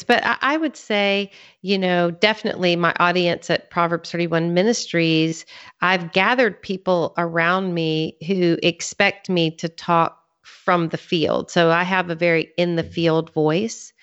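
A woman with a fairly low, fairly bright voice speaks as a podcast guest, an author and ministry leader, in conversational interview talk. She is earnest and teacherly, a little slow, laying out her points in a clear sequence. The sound is slightly dull and lo-fi.

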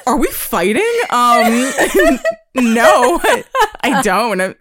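A woman's voice: on the high side, takes it slowly. A young adult woman co-hosting a podcast, telling stories in casual chat, swearing freely and acting out what others said. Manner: animated storytelling, swears freely, acts out quotes. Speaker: podcast co-host.

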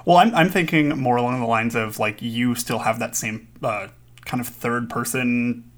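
Enthusiastic man pitching game ideas. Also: normal speed, fairly bright tone. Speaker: podcast co-host. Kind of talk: casual chat.

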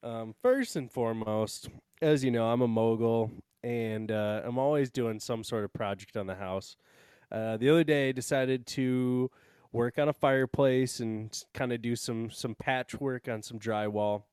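A man's voice: mid-range voice, measured pace, darkish tone, smooth, dry recording, studio quality. A man on a casual podcast telling a story with plenty of swearing and exasperation. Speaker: podcast co-host.

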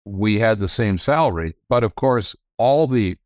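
A man's voice: on the low side, animated, a little slow, a little mellow, no room sound. An older businessman, a podcast guest, telling frank, rambling stories about his family business and often restarting his sentences. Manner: rambling, self-correcting, frank. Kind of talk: candid storytelling.

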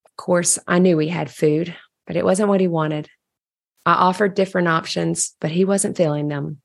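Brief: a deep woman's voice with some fry, reading her own diary entry candidly, dry close sound. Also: steady tone, moderate pace, no room sound. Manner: candid, reflective storytelling. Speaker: caregiver sharing a diary entry. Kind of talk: personal diary narration.

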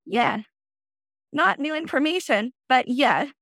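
A woman in her thirties, a podcast guest, telling a personal story in a lively way and acting out her own past lines. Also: a little slow, creaky, no echo. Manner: animated, acts out her own past lines in a high excited voice. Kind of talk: conversational storytelling.

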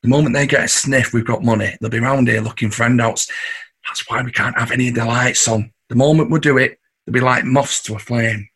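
A man's voice: medium pitch, fairly even intonation, fairly quick, a bit bright, husky. An actor with a Mancunian accent playing a scheming, boastful working-class husband and father, cocky and coarse. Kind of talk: audio drama acting.

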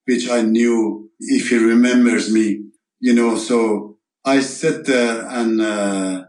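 A man from Iran, telling his life story as a guest, halting and searching for words with many fillers and restarts. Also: medium pitch, fairly even intonation, darkish tone. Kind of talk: storytelling interview. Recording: roomy echo.

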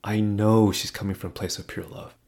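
A middle-aged man telling a personal story in a casual, animated way, dropping to a hush at the tense parts. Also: fairly low pitch, fairly quick, gravelly.

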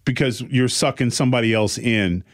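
A man's voice: medium pitch, moderate pace. A man in casual podcast chat, telling stories animatedly and acting out the people in them. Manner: animated storyteller, acts out quotes.

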